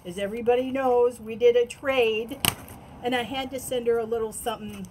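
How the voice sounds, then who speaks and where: Female vlogger, slightly high, unhurried, gushing unboxing delivery, faint background noise. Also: steady tone. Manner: gushing, gasping, breaks into delighted exclamations. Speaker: tarot channel host. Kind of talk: unboxing vlog.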